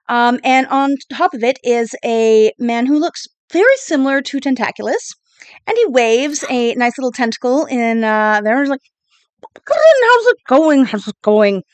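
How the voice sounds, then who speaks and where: A woman game master narrating a tabletop scene in a somewhat high, very lively voice. She describes the scene loosely and pauses on fillers. The sound is close and dry. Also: dry recording.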